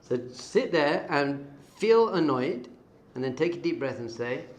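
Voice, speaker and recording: A middle-aged man, a rabbi, giving a lively Torah class to yeshiva students, moving between loud emphatic bursts and quiet asides and dropping Hebrew terms into his talk. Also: a little high, a little slow.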